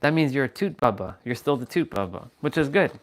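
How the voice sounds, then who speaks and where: A man's voice: medium pitch, animated, a little fast. A man hosting a live stream, rambling casually and playfully as he chats with his viewers. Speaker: livestream host.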